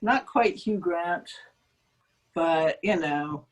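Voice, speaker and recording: A woman speaks as a linguist guest in a relaxed interview. She is chatty and self-deprecating and fills her pauses with ums. The sound is that of a video call. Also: lowish voice, low-quality recording. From United States. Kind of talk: conversational interview.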